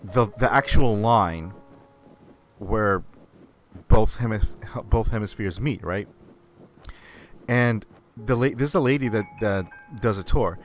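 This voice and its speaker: A man's voice: lowish voice, takes it slowly, faint music behind. A man streaming a video game, chatting casually with viewers, who rambles and laughs often as he tells stories.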